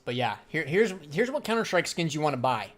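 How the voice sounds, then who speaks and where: A man's voice: fairly high pitch, sing-song, brisk, fairly bright tone. A young adult man chatting casually on a livestream about trading and answering viewers. His talk is loose, slangy and profane, and he laughs often. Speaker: livestreamer and crypto trader.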